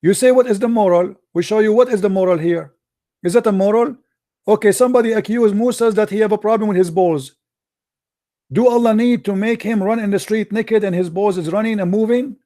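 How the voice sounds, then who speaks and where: A man's voice: high voice, a little fast, warm tone. Combative male host. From Middle East. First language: Arabic. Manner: combative, mocking, blunt insults. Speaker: live-stream host. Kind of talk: heated live-stream debate.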